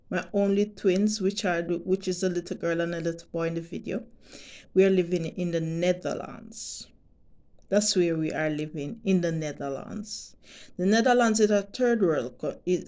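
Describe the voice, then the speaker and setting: A Jamaican woman vlogging to her subscribers, talking deliberately and emphatically and repeating her points. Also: lowish voice, darkish tone. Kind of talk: direct-to-camera monologue.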